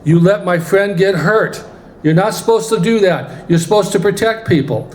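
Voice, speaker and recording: A man's voice: high voice, normal speed, darkish tone, lightly acted. A man voicing an innocent, earnest young girl angel who keeps asking questions. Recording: roomy church hall, faint ambience.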